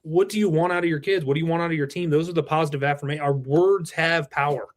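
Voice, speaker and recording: A man's voice: a little high, quick pace, no room sound. Male guest, 30s, earnest storyteller, restarts often, dry sound. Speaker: guest, roofing business owner. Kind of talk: casual podcast chat.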